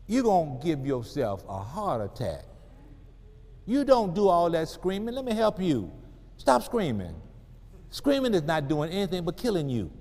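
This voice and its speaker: A man with a voice on the high side, speaking at normal speed, works a family expo crowd as a parenting speaker. His talk is funny, lively, and sermon-like, full of call-and-response, and the hall around him is reverberant.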